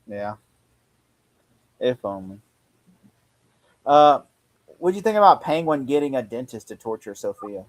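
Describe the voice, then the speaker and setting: A man hosting a podcast in casual chat, jokey and quick to riff on scenes. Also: medium pitch, very animated. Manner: jokey, mimics lines from the show. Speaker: podcast host.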